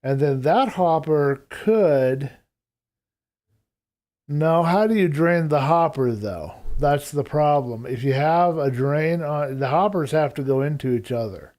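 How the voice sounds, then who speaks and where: Male streamer, mellow tone, casual live gameplay commentary, thinks out loud. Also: a little high, slow. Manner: thinks aloud while planning; rambling, casual.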